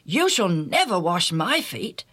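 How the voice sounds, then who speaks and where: A woman's voice: lowish voice, sing-song, measured pace, a bit bright, exaggerated voice. A woman voicing an impulsive adult male disciple who speaks with urgent exclamations, in a read-aloud Bible story.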